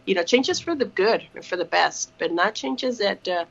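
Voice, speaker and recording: A woman's voice: mid-range voice, animated, fairly quick, creaky, few pauses, husky. A woman talks earnestly over a video call from her home kitchen. Her speech halts and restarts, full of small fillers. The call audio comes through dull and lo-fi. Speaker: ministry partner. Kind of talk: casual video call chat.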